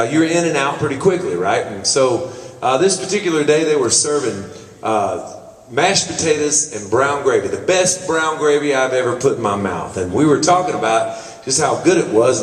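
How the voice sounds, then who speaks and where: Man telling a rambling story on stage. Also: mid-range voice. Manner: easygoing, rambling, with fillers and restarts. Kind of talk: onstage storytelling between songs. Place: college concert hall. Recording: echoey hall, mic far off.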